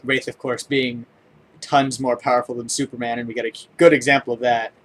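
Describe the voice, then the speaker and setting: A young man giving a casual spoken comic book review, enthusiastic but halting, with many ums, uhs and restarts. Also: medium pitch, flat delivery.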